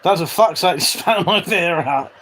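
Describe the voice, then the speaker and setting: Hosting a casual live stream, a man with a high-sitting, sharp voice speaks unhurriedly over slight background noise and poor audio. He reads chat messages aloud, swears freely, and chuckles often between remarks.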